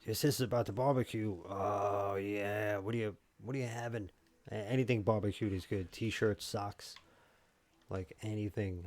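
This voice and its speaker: Low-voiced man rambling on a game stream. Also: darkish tone. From New York. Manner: rambling, joking, talks to chat by name. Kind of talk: casual gaming stream chat.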